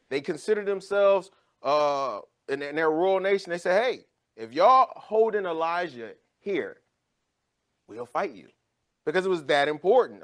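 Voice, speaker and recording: A man teaching an informal Bible study, explaining scripture with lively storytelling and acted-out scenes. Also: on the high side. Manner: animated storytelling, acts out scenes.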